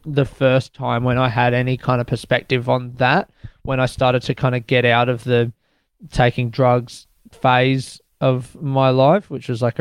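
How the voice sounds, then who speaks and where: A man's voice: medium pitch, smooth, no room sound, clean studio sound. A young male stand-up comedian chatting casually as an interview guest, candid and rambling, swearing freely and laughing often.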